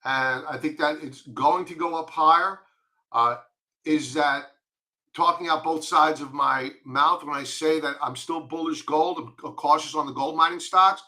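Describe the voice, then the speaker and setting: A man with a Long Island accent works as a market commentator, bluntly and emphatically analyzing stock charts and reiterating his warnings. He speaks unhurriedly in a fairly high, bright, forceful voice.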